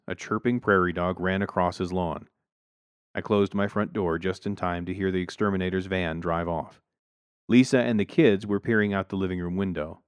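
A man's voice: low voice, steady tone, normal speed, clean tone, dry recording. A man narrating a first-person story in a dry, wry way on a close mic.

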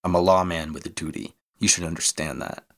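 A man's voice: low voice, fairly even intonation, brisk, fairly bright tone. A man playing a stern, weary outlaw sheriff. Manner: stern, tired. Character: weary male lawman turned outlaw.

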